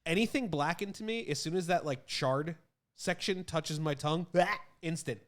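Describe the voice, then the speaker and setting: A man's voice: fairly high pitch, moderate pace, fairly bright tone. A man co-hosting a casual podcast, bluntly giving strong opinions about food. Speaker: podcast co-host. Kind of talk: casual chat.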